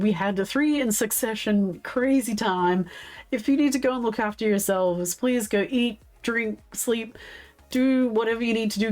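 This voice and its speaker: An Australian woman with a hoarse, fading voice, chatting casually as a livestream co-host. She giggles a lot and reads out chat. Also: on the high side, darkish tone. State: hoarse, losing her voice. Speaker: stream co-host and moderator.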